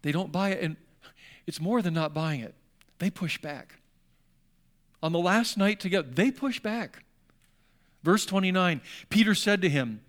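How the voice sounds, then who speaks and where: A man preaching a sermon, shifting between hushed, intimate passages and emphatic declarations. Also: on the high side, moderate pace, long pauses. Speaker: pastor.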